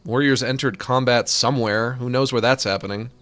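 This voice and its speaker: A man giving casual, excitable commentary on a video game, swinging between delight and exasperation, with some swearing. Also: mid-range voice, fairly quick, soft background music. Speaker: gaming streamer.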